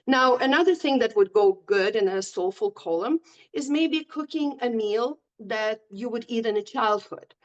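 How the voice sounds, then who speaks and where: A woman's voice: fairly high pitch, expressive, normal speed, dull audio. Upbeat middle-aged woman telling stories. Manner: storytelling, upbeat and encouraging. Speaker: guest coach. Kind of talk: conversational podcast interview.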